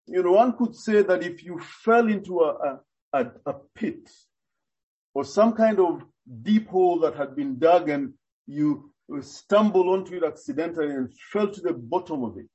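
A man preaching a sermon, expounding earnestly and deliberately, with frequent hesitations. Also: a little high, animated, darkish tone, dull audio.

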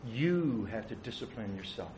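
A man's voice: lowish voice, very animated, moderate pace, a little mellow, a little hiss or hum, poor audio. A middle-aged man preaching a conversational sermon, asking his listeners questions. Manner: conversational, asks the audience questions. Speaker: pastor.

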